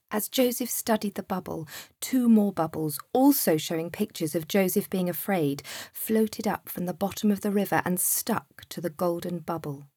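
A woman reading a children's story aloud, slow and soft, sometimes near a whisper. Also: mid-range voice, slightly rough, no room sound, studio quality. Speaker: narrator.

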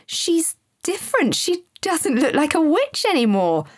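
A woman voicing a frightened, excitable small boy in a storybook reading, speaking in a high, urgent way. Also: a little slow, no echo, studio quality. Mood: amazed.

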